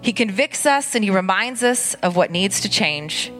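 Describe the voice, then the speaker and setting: A woman pastor preaching an earnest, conversational sermon at a church service, with dramatic pauses. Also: medium pitch, expressive, fairly bright tone, soft background music.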